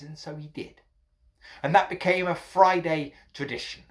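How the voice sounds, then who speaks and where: A man's voice: on the high side, fairly even intonation, normal speed. A man telling a children's folk tale, playful and addressing listeners as his friends. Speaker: storyteller.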